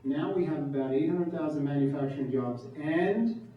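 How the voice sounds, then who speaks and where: Addressing an audience at normal speed, this New York candidate has a slightly high voice. His campaign speech leans on emphasis and rhetorical questions, heard through a far-off mic in a reverberant room with muffled sound.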